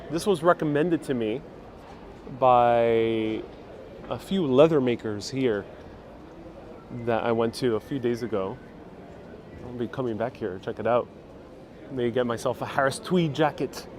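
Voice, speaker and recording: With a medium-pitched, slightly mellow voice, a man hosts a live walking tour outdoors, filming on the phone he carries. As a travel vlogger on a busy old-town street, he reads the chat aloud and answers it casually while faint traffic hums in the background.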